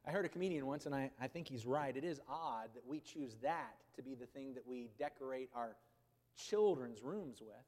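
A man preaching a sermon as pastor, who swings between loud, emphatic proclamation and quiet, conversational asides. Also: mid-range voice, animated, normal speed. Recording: long reverb of a church hall.

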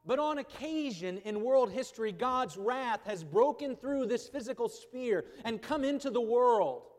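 A male pastor with a high voice preaches a sermon in a large church, where the sound rings out with a long reverb. He swings from loud, emphatic proclamation to quiet, conversational asides. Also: animated, unhurried.

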